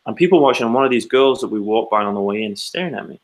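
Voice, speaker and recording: A podcast co-host with a medium-pitched, lively voice talks very fast, telling a long, rambling anecdote in a casual chat and acting out the quotes. The recording is rough.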